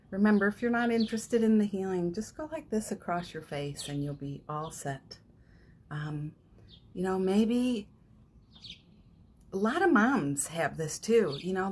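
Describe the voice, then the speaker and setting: A woman hosting a live morning session as a spiritual coach, chatting casually and leading guided affirmations, with frequent laughs and soft, almost whispered phrases. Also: lowish voice, a little hiss or hum. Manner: chatty, warm-hearted, laughs often, breaks into soft affirmations. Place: home, streaming live from her phone.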